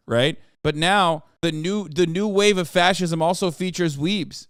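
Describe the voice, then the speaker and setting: A man's voice: high-pitched, a little slow, hardly any pauses, a bit bright, smooth, no echo, clean studio sound. A man in his thirties streaming political commentary, sarcastic, profane and rambling. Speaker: streamer reacting to news.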